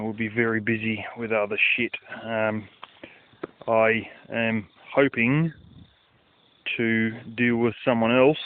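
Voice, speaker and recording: A man's voice: mid-range voice, smooth. A man, talking casually in a rambling vlog, swearing and using lots of fillers, recorded outdoors at night. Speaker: vlogger. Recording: dry, phone-like lo-fi sound.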